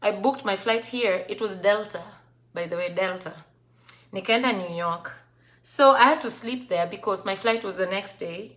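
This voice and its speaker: A woman's voice: medium pitch, moderate pace, a bit bright. A woman with a Kenyan accent hosting a casual live video, chatting with viewers and reading out their comments. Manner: chatty, reads out viewer comments and mixes Swahili phrases into English. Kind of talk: casual live-stream chat.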